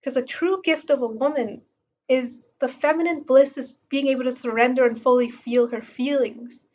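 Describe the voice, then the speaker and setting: Casting note: woman with a slightly high voice, relaxed book-commentary delivery full of fillers, muffled recording. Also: normal speed. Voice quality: casual, with fillers like um and like. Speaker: book reviewer. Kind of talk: reading aloud and commenting on a book.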